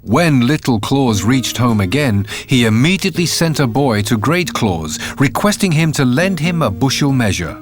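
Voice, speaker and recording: A man reading a fairy tale aloud in an expressive, measured way, with faint music behind. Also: mid-range voice. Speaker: narrator. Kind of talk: storybook narration.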